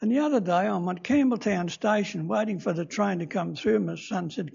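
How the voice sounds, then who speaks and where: Older man, preaching, chatty storyteller, high husky voice, dull lo-fi recording. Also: expressive, moderate pace, a little mellow. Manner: chatty, self-amused storytelling. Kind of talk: sermon.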